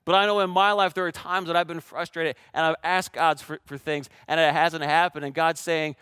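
A male pastor preaching a sermon, dropping to a hush in quiet passages and rising to loud emphasis, often asking his listeners direct questions. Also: a little high, little pitch movement, fairly quick, hardly any pauses, clear, resonant tone, no room sound, clean studio sound. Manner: shifts between hushed reflective passages and loud emphatic preaching; asks the congregation direct questions.

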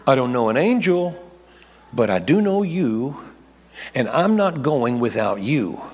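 A man with a somewhat raised pitch preaches in a storytelling style. He stumbles over restarts and tosses in jokey asides. His voice rings out with a long echo in a large hall. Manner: animated, rambling with repeated restarts, jokey asides. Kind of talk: storytelling sermon.

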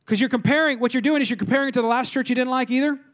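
A man's voice: extremely high pitch, very fast, fairly bright tone. A middle-aged male pastor preaching a sermon, full of rhetorical questions and mock voices of complainers.

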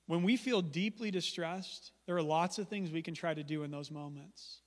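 A man's voice: a little high, moderate pace. A male pastor preaching a sermon in a church, conversational and emphatic with humorous asides. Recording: long church hall reverb.

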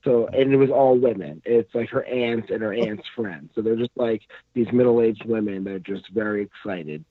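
A man's voice: on the low side, breathy edge. Man with a tinny phone-line sound. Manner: rambling, halting, filler-heavy. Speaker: pro wrestler guest. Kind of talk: casual podcast chat.

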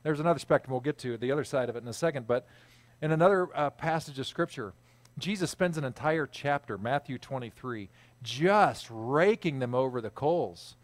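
A middle-aged man preaching a sermon in a conversational, self-deprecating way, telling a personal story and pausing often on fillers. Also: mid-range voice, animated, no echo. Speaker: pastor.

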